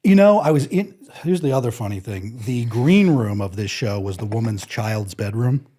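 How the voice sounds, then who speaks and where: Husky man telling road stories. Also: mid-range voice, moderate pace. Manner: animated, acts out other people's lines. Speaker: guest musician. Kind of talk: casual storytelling.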